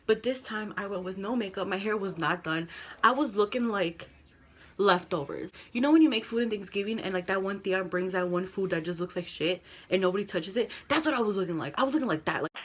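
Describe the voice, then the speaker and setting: A young woman telling a dramatic storytime vlog, animated and full of quoted voices. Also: medium pitch. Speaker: vlogger.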